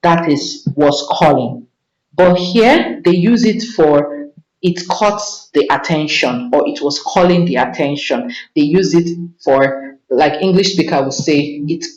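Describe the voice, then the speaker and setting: A woman's voice: low-pitched, animated, measured pace, darkish tone. A woman teaching a vocabulary lesson, patiently repeating words for learners. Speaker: Spanish teacher. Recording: echoey room, dull lo-fi sound.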